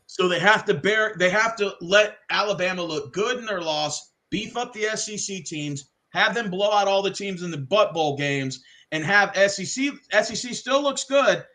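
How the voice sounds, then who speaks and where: A man hosting a casual sports chat, profane and excitable, slipping into mock wrestling voices. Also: high-pitched, normal speed, few pauses. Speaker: podcast host.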